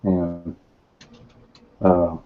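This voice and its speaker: A man doing an impression of a male president giving a speech, soft-spoken and halting, full of slow uh pauses. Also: sits low, completely flat delivery. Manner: hesitant, halting delivery. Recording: tinny phone-like call audio.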